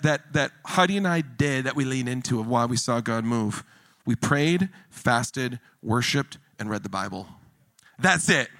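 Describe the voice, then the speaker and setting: High-voiced, animated preaching man. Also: dry recording. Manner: animated, jokey preaching with rising emphasis. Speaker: pastor. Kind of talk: sermon.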